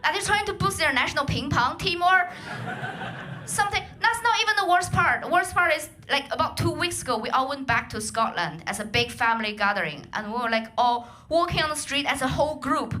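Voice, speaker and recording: A young woman from China with a Chinese accent, performing a lively stand-up comedy set on a club stage into a handheld mic. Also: high voice. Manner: animated, lively voice acting of others.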